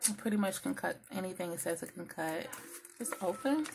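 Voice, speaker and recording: A woman's voice: medium pitch, a little fast, vocal fry, slight background noise. A woman vlogger and small business owner, chatting casually to viewers as she unboxes packages and vents her frustration, cussing freely.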